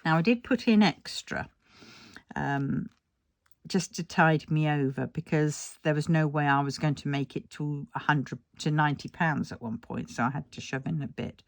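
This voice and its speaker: A woman's voice: low voice, normal speed, vocal fry, no echo, clean studio sound. An older woman chatting casually about her budget, rambling and self-deprecating and a little tired. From England. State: tired, yawning. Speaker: budgeting vlogger. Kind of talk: casual chat.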